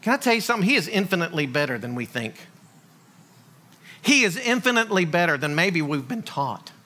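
Speaking fairly quickly, a man preaching a sermon uses a high-pitched voice with a bright, forward tone. He narrates energetically and takes on the voices of the characters in his stories.

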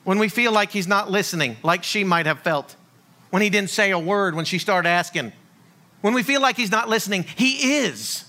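A male pastor delivering a sermon in a high-pitched voice. He tells stories with a lot of energy and slips into the voices of the people in them. His tone is bright and forward. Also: moderate pace. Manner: lively storytelling, acting out voices of figures.

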